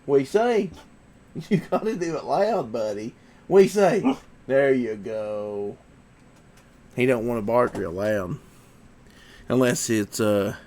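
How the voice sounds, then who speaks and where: A man's voice: medium pitch, darkish tone. A man hosting a casual livestream, sniffly from allergies, chatting in an easygoing way and coaxing his dog to do tricks. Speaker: livestream host.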